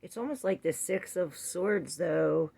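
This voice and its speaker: A woman's voice: fairly low pitch, a little slow, creaky, dark tone, slightly rough. A woman doing a tarot reading for viewers, chatting casually and thinking aloud between cards. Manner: rambling, thinking aloud with fillers and laughs. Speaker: tarot reader.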